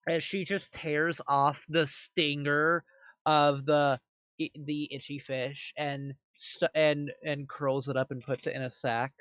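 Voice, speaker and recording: A man narrating as dungeon master of a tabletop game, in slow, descriptive narration. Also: a little high, level tone, fairly bright tone, no room sound.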